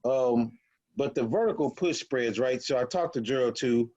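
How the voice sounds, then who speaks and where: A man of middle pitch teaches a small group over a video call, speaking in a halting, casual way full of restarts and fillers. The call audio sounds a little muffled and dull. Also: a little mellow. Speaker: options trading group leader.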